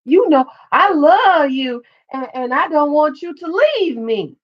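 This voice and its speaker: A woman's voice: high-pitched, animated, a little slow, pitched above the performer's own voice. A woman reading the part of a cheating husband who pleads with his wife to stay. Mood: pleading. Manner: pleading, coaxing. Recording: dull lo-fi recording.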